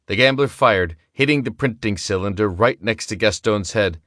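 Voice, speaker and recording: A man giving steady, measured scripted narration of a story. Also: fairly low pitch, no room sound, clean studio sound. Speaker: audiobook narrator.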